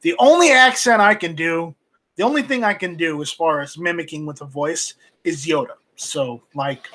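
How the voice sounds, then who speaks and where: A man hosting a casual live stream off camera, reading viewer chat aloud and talking in a halting, rambling way with many restarts. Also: a little high, a bit bright. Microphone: home streaming mic, voice only, off camera.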